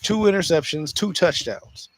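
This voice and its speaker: Animated man talking football, dry sound. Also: on the high side, moderate pace, no room sound. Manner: animated, repeats himself, frequent restarts and fillers. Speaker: sports talk host. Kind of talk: casual solo sports commentary.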